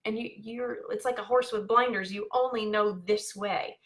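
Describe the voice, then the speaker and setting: A woman's voice: medium pitch, steady tone, moderate pace. A woman life coach talking live to her viewers in a bubbly, chatty way, with many fillers. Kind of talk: live-streamed coaching talk.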